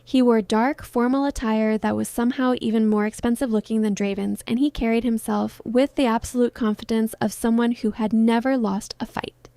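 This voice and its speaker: A woman reading a dramatic romance story aloud as narrator, in a steady storytelling manner. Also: a little high, moderate pace, few pauses, clear, resonant tone, no echo. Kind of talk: scripted audiobook narration.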